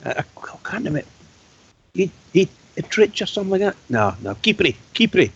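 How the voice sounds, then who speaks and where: A man's voice: sits high, sing-song, fast talker, creaky, husky. A Scottish man on a football fan phone-in, recalling old games in a storytelling way. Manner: reminiscing, storytelling. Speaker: radio co-host. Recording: dry, dull lo-fi radio sound.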